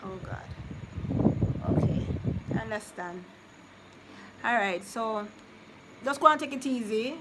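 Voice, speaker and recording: A woman's voice: on the high side, lively intonation, takes it slowly, long pauses. Chatty woman live-streaming. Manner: chatty, consoling then teasing, drifts between topics. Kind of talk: casual live-stream chat with viewers. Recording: noticeable background noise.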